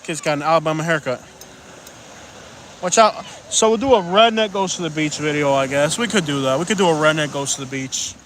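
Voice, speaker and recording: Guy with a pretty high voice rambling on a beach live stream, joking around, reading chat off his phone, faint outdoor noise. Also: brisk, a bit bright. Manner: joking, rambling, reads out viewer comments.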